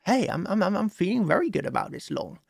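A man's voice: sits high, wildly swooping pitch, fast, creaky, dry recording, clean studio sound. A young man walking viewers through a crypto price chart, blunt and self-assured, often restarting his words. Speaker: crypto trading analyst. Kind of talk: live chart analysis monologue.

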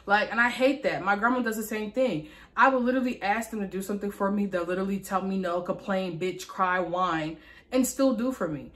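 A woman's voice: mid-range voice, normal speed, fairly bright tone. A young woman, venting heatedly in a casual vlog, emphatic and profane, repeating herself for emphasis. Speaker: vlogger.

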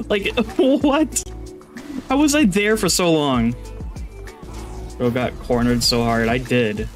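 Excitable male streamer, lively pitch. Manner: excitable, rambling, jumps high when surprised. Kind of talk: live gaming commentary. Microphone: headset.

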